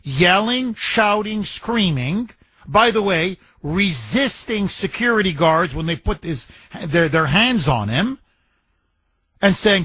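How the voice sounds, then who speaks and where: A man's voice: high-pitched, slow, slightly rough, no room sound. A man hosting a political talk radio show, talking emphatically, repeating phrases and retelling events. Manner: emphatic, repetitive, animated retelling with quoted voices.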